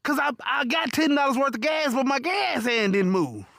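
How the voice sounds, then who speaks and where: A man voicing a confused, insistent bald middle-aged white customer who asks slow, puzzled questions, in a dry, close recording. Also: very high-pitched, big pitch swings, vocal fry, bright, forceful tone, dry recording, heavily acted.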